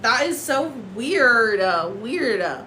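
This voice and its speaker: A woman hosting a casual livestream chat, ranting in an animated, profane, incredulous way. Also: on the high side, slow, echoey room, slight background noise. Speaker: TikTok live host. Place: apartment in a city.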